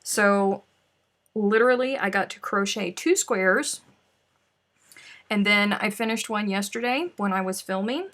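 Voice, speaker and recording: A woman's voice: medium pitch, unhurried, pauses often, a bit bright. A woman hosting a crochet live stream, chatting casually and muttering to herself as she hunts for her notes. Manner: chatty, scatterbrained, talks to herself. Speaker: crochet livestream host.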